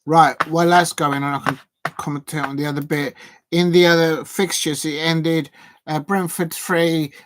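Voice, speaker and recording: A man's voice: a little high, steady tone, moderate pace, noisy background. A man hosting a football watch-along stream, chatting casually and muttering to himself as he types. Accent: South London English. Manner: rambling, muttering to himself while typing. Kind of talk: casual live-stream chat.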